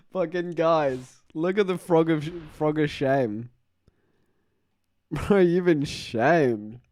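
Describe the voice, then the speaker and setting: A man's voice: a little high, very slow, long pauses, no echo. A man chatting casually on a live stream, rambling through stories and laughing often. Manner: rambling, animated storytelling with frequent laughs.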